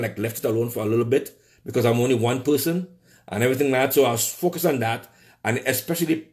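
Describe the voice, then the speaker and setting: A man's voice: mid-range voice, darkish tone. A man, ranting angrily on video as a political commentator, profane and repeating himself. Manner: angry, profane, repetitive. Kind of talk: angry video rant. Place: Tobago.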